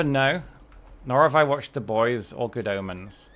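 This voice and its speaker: A young adult streamer chats casually and wryly while playing a game on a livestream, rambling and correcting himself as he often restarts sentences. His mid-range voice is expressive, unhurried, and fairly bright, with faint music behind him.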